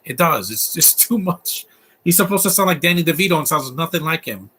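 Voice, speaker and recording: Bright, husky man chatting over a film. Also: on the high side, expressive, a little fast. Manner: rambling, laughs often at the film. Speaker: film commentator. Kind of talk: casual live movie commentary.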